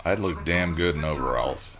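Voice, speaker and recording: A man's voice: rumbling low, moderate pace, crowd noise. A young man co-hosting a movie watch stream, making easygoing, dry remarks and laughing along. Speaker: streamer and co-host. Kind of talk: casual chat over a movie.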